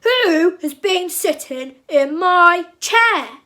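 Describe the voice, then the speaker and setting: A woman voicing a big, grumpy father bear who cries out loudly and slowly in a storybook reading. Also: very high-pitched, expressive, voice pushed up, heavily acted. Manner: loud, slow, grumbling cries.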